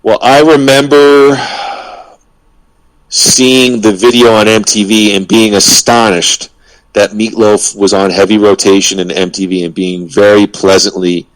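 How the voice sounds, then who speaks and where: A podcast co-host with a lowish voice talks unhurriedly and with fairly even intonation on a casual music podcast, using fillers and restarts and reading quotes aloud in a mock pompous voice. The audio quality is poor.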